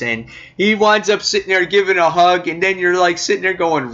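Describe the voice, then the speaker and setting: A man's voice: sits high, normal speed, fairly bright tone, highs cut off. A man giving a casual, chatty review of a comic book, with many fillers.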